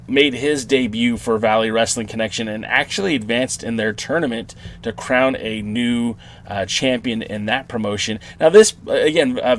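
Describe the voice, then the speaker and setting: A man's voice: medium pitch, fairly bright tone. A man hosting a podcast, talking casually on his own with many fillers and restarts. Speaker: podcast host. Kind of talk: solo wrestling podcast commentary.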